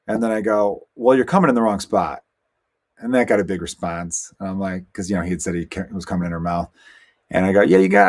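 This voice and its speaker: A male stand-up comedian from Chicago hosting a solo podcast, telling crowd stories in animated, rambling fashion with quoted dialogue. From Chicago, USA. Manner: animated storytelling with quoted dialogue, jumps up in pitch when worked up.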